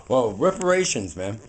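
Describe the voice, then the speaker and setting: A man in his forties talking casually to a handheld camera while walking outdoors, rambling and earnest, repeating words as he preaches. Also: mid-range voice. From United States. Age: 40s. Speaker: vlogger. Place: outdoors on foot. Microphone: handheld camera mic.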